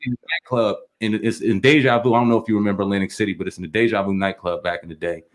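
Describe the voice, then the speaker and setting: A man's voice: fairly low pitch, fairly even intonation, rapid-fire. A man hosting a podcast, telling a story in a casual, profane way with laughs. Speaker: podcast host.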